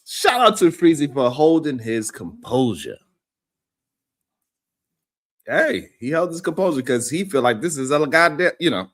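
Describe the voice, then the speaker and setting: A man hosting a live stream, giving animated, profane reaction commentary and laughing often. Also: a little high, moderate pace.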